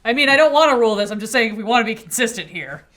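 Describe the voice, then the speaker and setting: Lively, bright-voiced woman explaining rules. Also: fairly high pitch. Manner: quick to explain rules and recall earlier games. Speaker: board game player. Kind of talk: casual board game play with friends.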